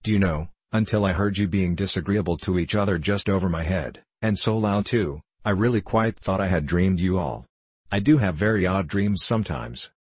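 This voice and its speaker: A man reading aloud, voicing a grumpy old male sand fairy who answers in a gruff, offhand mutter. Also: sits low, moderate pace, no echo. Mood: grumbling.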